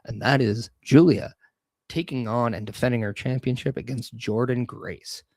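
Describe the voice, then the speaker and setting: Recorded with no room sound, a medium-pitched man talks at a normal speed while hosting his own podcast alone. He's lively and opinionated, spinning loose fantasy-booking ideas.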